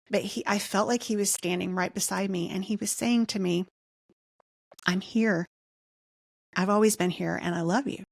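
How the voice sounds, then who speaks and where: A middle-aged woman recounts a personal experience as a podcast guest, sincere and earnest, often quoting her own thoughts aloud. Her voice sits at an ordinary mid pitch. The recording is dry and close, with little room sound. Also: no echo. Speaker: podcast guest, nurse anesthetist. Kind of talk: personal testimony in an interview.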